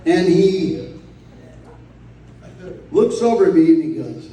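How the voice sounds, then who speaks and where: A man's voice: high-pitched, sing-song, slow, warm tone, a little hiss or hum. A man giving a rambling, laughing eulogy of stories, swearing now and then. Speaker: eulogy speaker. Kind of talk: casual storytelling eulogy. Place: large echoey room from afar. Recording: echoey hall, distant mic.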